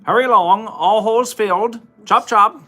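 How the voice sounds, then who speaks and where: A man voicing a brisk, fussy male usher who barks clipped commands to hurry people along. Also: high voice, bright, forceful tone, soft background music, voice pushed up. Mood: hurried. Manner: clipped, rapid-fire commands.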